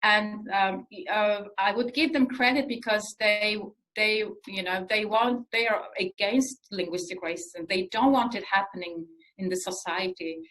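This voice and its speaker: A woman researcher answering interview questions in an earnest, explanatory way, pausing often with fillers as she thinks. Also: medium pitch, a bit bright, rough recording. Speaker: researcher guest.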